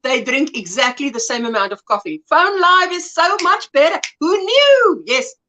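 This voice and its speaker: A woman's voice: sits high, sing-song, normal speed, bright, forceful tone. A South African woman hosting a casual livestream chat, reading viewer comments aloud and laughing often. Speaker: livestream host.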